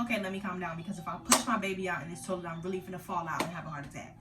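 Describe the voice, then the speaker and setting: A young woman vlogger telling her story in casual slang, animated, acting out her own past cries. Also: on the low side, rapid-fire, hardly any pauses, reverberant, distant mic, slight background noise.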